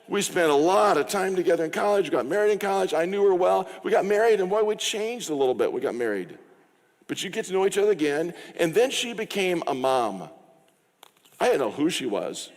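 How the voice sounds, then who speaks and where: A middle-aged man preaching in a church, his slightly high voice carrying a long reverb through the hall. He talks conversationally and slips into little quoted exchanges as he goes. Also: expressive, brisk. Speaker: pastor. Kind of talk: sermon. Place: church sanctuary.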